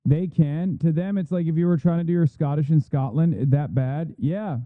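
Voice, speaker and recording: A man's voice: fairly high pitch, normal speed, no echo. A man streaming live, commenting bluntly in a heated, profane way. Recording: phone-like thin audio, dry.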